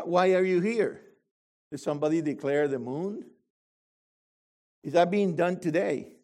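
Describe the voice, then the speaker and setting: An older man delivers a sermon at an unhurried, deliberate pace. His voice sits a little high for a man, and he keeps turning to the congregation with rhetorical questions. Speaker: preacher.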